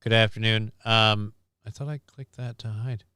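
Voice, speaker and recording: A man's voice: fairly low pitch, steady tone, moderate pace, pushed and bright, smooth. A man hosts a casual livestream from his desk, talking off the cuff and tripping over repeated words as he goes. His voice is clean and resonant. The close mic gives a dry sound with no room echo. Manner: rambling, repeats and restarts words. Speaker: streamer host.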